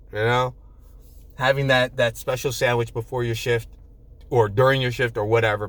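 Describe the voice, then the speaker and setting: A man's voice: medium pitch, fairly bright tone. A man in his fifties from New Jersey, a nurse vlogging in a blunt, profane, casual way and acting out the people he quotes. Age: 50s. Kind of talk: casual straight-talk monologue.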